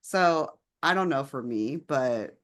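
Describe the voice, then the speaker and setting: Woman co-host with a notably low voice, laid-back and rambling, fillers everywhere. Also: expressive, takes it slowly, a bit bright. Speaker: podcast co-host. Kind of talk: casual book-review chat.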